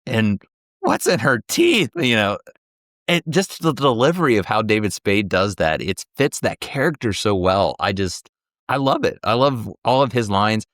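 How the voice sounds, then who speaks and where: A man's voice: lowish voice, expressive, normal speed, a bit bright, no room sound, studio quality. A man co-hosting a casual movie review chat, talking enthusiastically and now and then quoting lines in playful voices. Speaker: co-host of a movie review show.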